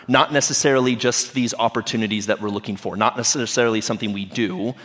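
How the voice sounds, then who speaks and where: A man's voice: on the low side, a bit bright. A man preaching a sermon as pastor in a conversational, humorous way, often checking in with the audience. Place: church auditorium. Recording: long reverb of a church hall.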